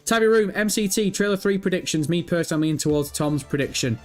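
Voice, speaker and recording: A man's voice: high-pitched, fast. A man hosting a casual livestream, reading viewer messages aloud and rambling through his answers while swearing freely. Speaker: livestream host. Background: faint background music.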